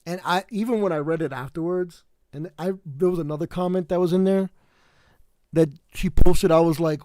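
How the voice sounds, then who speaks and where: A man's voice: on the high side, normal speed, mellow, dry recording, clean studio sound. A tired man from the South Bronx with a New York accent, chatting casually to his livestream viewers, rambling with lots of fillers and restarts. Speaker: livestream host.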